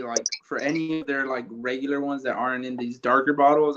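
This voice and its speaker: A laid-back man chats casually and swears freely. His voice is mid-pitched and comes through a bit dull and muffled. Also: fairly even intonation, a little fast, hardly any pauses, a bit bright. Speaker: guest co-host. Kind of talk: casual chat.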